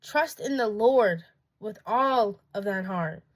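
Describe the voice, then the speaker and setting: A woman's voice: medium pitch, lively intonation, slow. Earnest young woman sharing her faith. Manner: earnest, emotional, talks in loose run-on sentences. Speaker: vlogger. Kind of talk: casual faith vlog.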